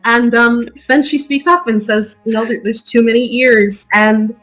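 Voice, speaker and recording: A woman's voice: fairly high pitch, fairly even intonation, unhurried, a bit bright, rough recording. A woman playing a tabletop game in a casual, playful, easily amused way. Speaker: player.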